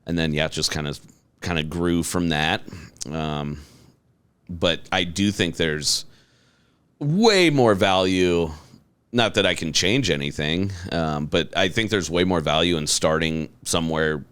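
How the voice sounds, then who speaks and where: A man's voice: deep voice, unhurried, fairly bright tone, smooth, no echo. A man in his thirties, a comedian guest on a studio podcast, chatting casually in a laid-back, joking way with lots of fillers. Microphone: studio mic.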